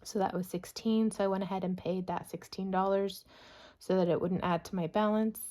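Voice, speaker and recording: A woman's voice: mid-range voice, steady tone, brisk, dark tone. A woman vlogger talking casually through her spending, chatty and self-reassuring as she goes over each figure. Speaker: budgeting vlogger. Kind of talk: casual spoken budget review.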